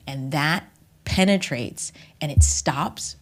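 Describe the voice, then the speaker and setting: Low-voiced woman, measured and emphatic. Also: a little mellow. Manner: measured and emphatic, drops at times into a whisper. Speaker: voice teacher and author. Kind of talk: reflective podcast interview.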